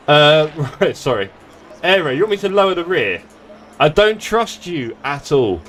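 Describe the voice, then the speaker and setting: A man's voice: on the high side, sing-song, normal speed, a bit bright, slight background noise. A man chatting casually and joking at his own expense while live-streaming a sim race. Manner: chatty, joking, self-deprecating. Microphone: desktop streaming mic.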